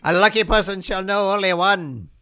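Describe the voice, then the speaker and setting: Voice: moderate pace, sharp tone, smooth. A performer playing a pompous, grandiose male king of hell in a comedy podcast bit. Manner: grandiose, theatrical, booming pronouncements.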